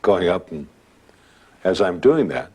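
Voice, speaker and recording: A man recounts an eerie experience as a guest storyteller, in a dramatic, chatty way. His voice is low and husky. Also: big pitch swings, unhurried, darkish tone. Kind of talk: spoken ghost anecdote.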